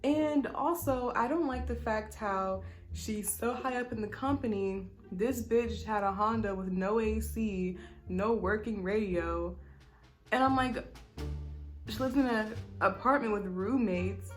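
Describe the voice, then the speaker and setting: A young woman vlogger tells a loose, animated storytime full of swearing and quick asides. Her voice sits at a middling pitch, with soft music playing faintly underneath.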